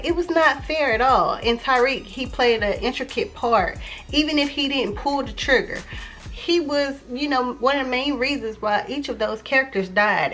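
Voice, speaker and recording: Chatty woman recapping a TV episode. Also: a little high. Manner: chatty, loose, many "you know" fillers; excitable, reacts with exclamations. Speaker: TV recap vlogger.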